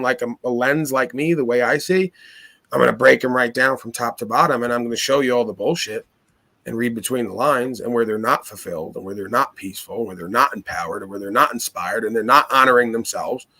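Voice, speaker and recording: A man's voice: medium pitch, gravelly, pushed and bright. A man hosting a casual talk, speaking with confidence and authority and piling up rhetorical questions.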